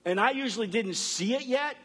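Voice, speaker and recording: A man giving a sermon as a pastor, animated, acting out voices of the people he quotes. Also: very high-pitched, a little fast, husky, long reverb tail.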